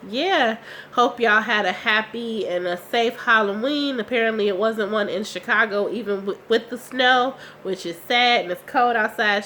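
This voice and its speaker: A young woman recapping a TV episode from her couch, chatty and slangy with quick asides. She sounds unwell, her voice a bit rough. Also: mid-range voice, sharp tone, slight background noise. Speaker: TV recap vlogger. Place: at home on a couch.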